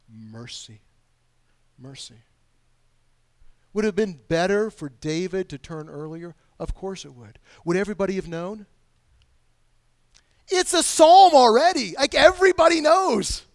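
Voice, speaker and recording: A man preaching a sermon, pleading with his listeners and swinging between hushed, quiet stretches and loud, emphatic lines. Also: fairly high pitch, lively intonation, unhurried, pauses often, dry recording. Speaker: pastor.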